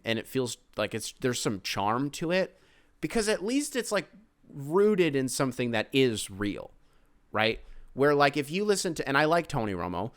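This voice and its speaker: A young American man hosts a sports podcast, launching into casual, profane rants that ramble off on tangents. His mid-range voice sounds clean, with no echo and clean studio sound.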